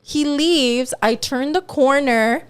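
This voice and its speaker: A woman's voice: sits high, slow. A woman, co-hosting a casual podcast. She tells stories with a lot of animation, swears freely and drops into mid-sentence. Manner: animated storyteller, swears, switches into Spanish. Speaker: podcast co-host. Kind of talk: casual chat.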